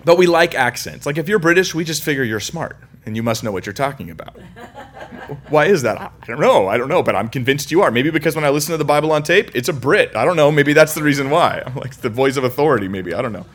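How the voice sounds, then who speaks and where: A male pastor from California preaching a sermon, emphatic, swinging between loud, high stresses and quiet low lines, with light self-mocking humor. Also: lively intonation, quick pace.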